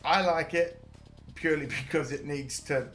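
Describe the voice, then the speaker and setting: A man's voice: on the high side, fairly even intonation, moderate pace, fairly bright tone, soft background music. A man with a British accent hosting a live watch-party stream, chatting casually, laughing often and swearing now and then.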